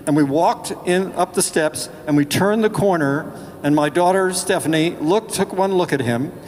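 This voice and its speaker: An older man, an actor on a convention panel, telling a lively anecdote with restarts and jumping high for children's lines. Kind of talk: anecdote told to an audience. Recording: panel mic in a reverberant hall.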